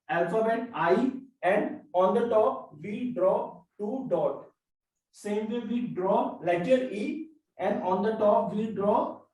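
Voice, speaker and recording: A man teaching a French class, explaining slowly and repeating each example word. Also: high voice, a little mellow. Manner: slow, repetitive explaining with drawn-out example words. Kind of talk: classroom lesson. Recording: echoey classroom, far from mic.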